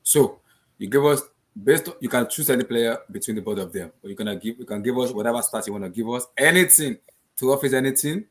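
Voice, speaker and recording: A man's voice: medium pitch, fast. A man hosting a casual group call about football, steering everyone back to the main topic. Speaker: host.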